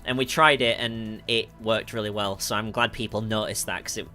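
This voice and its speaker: A man's voice: fairly low pitch, fairly even intonation, moderate pace, bright, forceful tone. A man from the north of England with a Northern English accent, chatting through a livestream Q&A as a music producer, laughing often and correcting himself with lots of ums. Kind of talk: livestream Q&A, reading chat questions.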